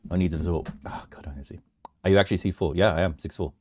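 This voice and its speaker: A man's voice: deep voice, very fast, darkish tone, slight background noise. A man hosting a casual crypto livestream, bantering with his viewers, laughing often and restarting his sentences.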